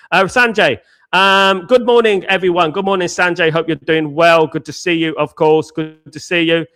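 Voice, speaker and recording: A man's voice: on the high side, sharp tone. A man hosting a live fan show, answering chat in casual slangy banter and firing off combative rhetorical questions. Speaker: host.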